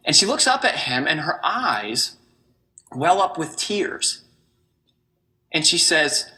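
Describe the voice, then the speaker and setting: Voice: mid-range voice, expressive, takes it slowly, sharp tone. A speaker giving a motivational stage talk, opening with rhetorical questions and telling personal stories.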